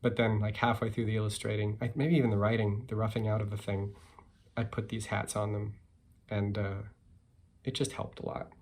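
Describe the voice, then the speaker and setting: A man, a picture book author, reading his story aloud and chatting about it in a relaxed, self-deprecating way. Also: fairly low pitch, normal speed.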